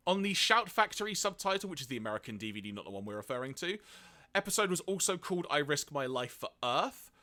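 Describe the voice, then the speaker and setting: Man, podcast co-host, animated pitch, bright tone, reads notes, laughs between lines. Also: a little fast. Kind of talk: casual podcast discussion.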